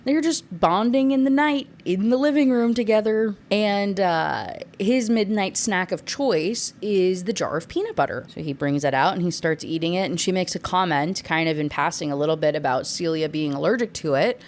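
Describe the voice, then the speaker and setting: A young woman talks through a book plot in a loose, conversational way, with sarcastic asides. Her voice sits a little low, and she slips into the characters' lines as she goes. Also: moderate pace, few pauses, darkish tone, slight background noise. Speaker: book reviewer. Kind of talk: casual spoiler recap.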